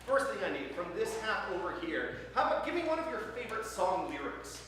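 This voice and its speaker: High lively guy hosting an improv show, echoey hall, sounds far from the mic. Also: brisk, background noise. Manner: upbeat, explains the game and repeats audience shout-outs. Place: comedy theatre stage with live audience.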